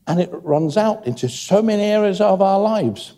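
A man's voice: high-pitched, lively intonation, moderate pace, few pauses, mellow. An older man preaching a sermon and making chatty joking asides to the congregation. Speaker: pastor. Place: church hall. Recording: long church hall reverb.

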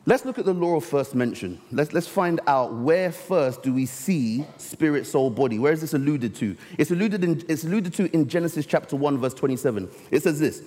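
Male preacher, higher voice, very lively pitch, slows to stress words, sermon, big echoing hall. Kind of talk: storytelling sermon. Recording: long reverb of a large hall.

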